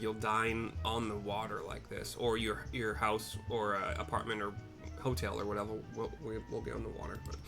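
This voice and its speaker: A chatty man narrating a game playthrough, rambling and correcting himself as he describes the scenes aloud. His voice sits at a middling pitch, with faint game music behind him. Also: a bit bright. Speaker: gameplay narrator.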